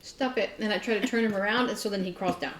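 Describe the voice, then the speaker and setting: A woman co-hosting a casual craft podcast, telling stories in an animated way. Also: medium pitch, racing, crowd noise. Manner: animated storytelling, mimics her cat. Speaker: podcast co-host. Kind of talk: casual chat. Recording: echoey room.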